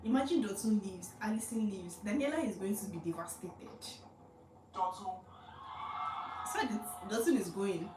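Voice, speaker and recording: A woman's voice: medium pitch, moderate pace, long pauses, roomy sound, distant mic, noisy background. A young Nigerian woman chatting casually and recapping reality show drama in a gossipy, filler-heavy way. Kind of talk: casual commentary.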